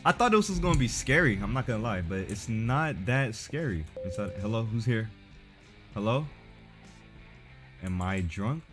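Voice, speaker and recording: A man's voice: lowish voice, big pitch swings, normal speed, long pauses, a bit bright. A young man streaming a horror game, giving a profane, jumpy, joking running commentary. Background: game music.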